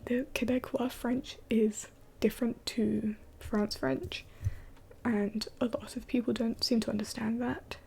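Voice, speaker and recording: A woman's voice: on the high side, flat delivery, measured pace, gravelly, a little mellow, slightly rough. A young adult woman streaming live late at night, mostly whispering as she answers chat in a blunt, swearing way.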